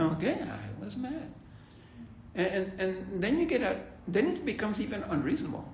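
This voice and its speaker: Gravelly man leading a grief group. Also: high voice, very animated, normal speed, slight background noise. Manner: conversational, repeats himself, asks "okay?". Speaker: grief ministry leader. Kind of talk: faith-based bereavement talk. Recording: echoey room, dull lo-fi sound.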